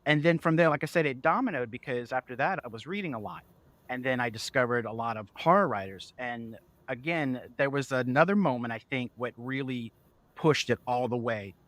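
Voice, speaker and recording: Man, guest author, storytelling, animated, acts out voices, laughs often, dry close sound. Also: mid-range voice, brisk, no room sound. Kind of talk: conversational storytelling.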